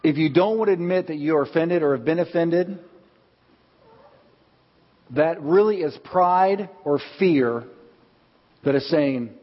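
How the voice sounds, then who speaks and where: A man preaching a sermon as pastor in a church, earnest, and slowing down to stress his key points. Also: a little high. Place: church sanctuary. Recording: long hall reverb, dull lo-fi sound.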